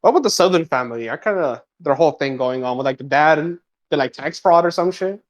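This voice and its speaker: A man's voice: a little high, lively intonation, fast, highs cut off. A young man co-hosting a podcast, chatting in a laid-back way and swearing casually. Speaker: podcast co-host. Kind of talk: casual chat.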